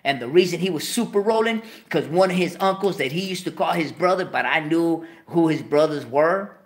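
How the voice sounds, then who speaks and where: La guy hosting, kinda high voice, swearing a lot telling a story. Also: a little fast. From South Central Los Angeles. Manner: profane, animated, slips into voices of people in his story. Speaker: host. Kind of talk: casual storytelling.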